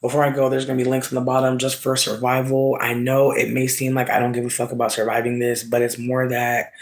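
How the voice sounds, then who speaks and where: A man telling stories in a casual vlog rant, animated and swearing, his voice swinging between loud outbursts and low mutters while he smokes. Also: quick pace. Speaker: vlogger.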